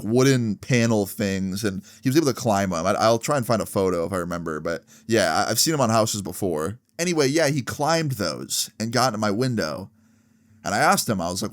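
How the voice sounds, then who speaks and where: A man in his early twenties telling a personal story in an animated, swearing style, full of filler words. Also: mid-range voice. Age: early 20s. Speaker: vlogger. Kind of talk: storytime narration.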